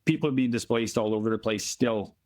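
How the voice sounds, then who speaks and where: A man from Canada, a volunteer being interviewed remotely, telling earnest stories in a plainspoken, emphatic way and slowing down to stress points. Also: fairly low pitch, darkish tone. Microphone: remote call from abroad.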